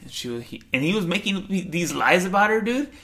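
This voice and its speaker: A man's voice: high voice, sing-song, a little fast, fairly bright tone. A young man on a podcast, telling slangy stories in casual chat and mimicking the people in them. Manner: slangy storytelling with mimicked voices. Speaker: podcast co-host.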